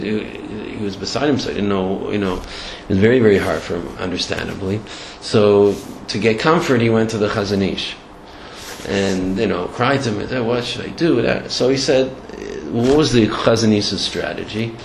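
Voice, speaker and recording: A man giving a storytelling Torah lecture in a halting way, with many restarts and Hebrew and Yiddish terms. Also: fairly low pitch, creaky. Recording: echoey room, faint background noise.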